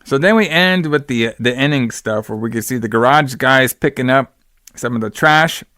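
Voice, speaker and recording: A man chats loosely on a podcast, recapping a horror movie in slangy, rambling talk. His voice sits at an ordinary middle pitch. The sound is dry and close to the mic. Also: moderate pace, pushed and bright, dry recording. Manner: rambling, slangy, acts out quotes in exaggerated voices. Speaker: podcast host. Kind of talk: casual movie recap chat.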